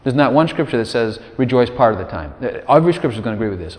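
A man preaching in a relaxed, conversational way, full of casual asides to the people listening. His voice sits at an ordinary pitch, and a long reverb trails behind every phrase. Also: very fast, few pauses. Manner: conversational, folksy, many "you know" asides; acts out quoted prayers in a raised voice. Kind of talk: informal sermon teaching.

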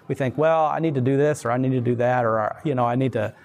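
A man giving a casual, rambling faith talk, animated, laughing often and putting on voices for quoted people. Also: mid-range voice, fast. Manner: rambling, many fillers and restarts. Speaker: Christian speaker.

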